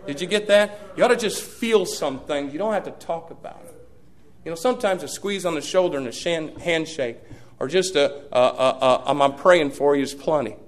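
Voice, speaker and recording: A middle-aged man preaching a sermon as pastor, folksy, swinging from loud peaks to hushed asides. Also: fairly high pitch, a little fast.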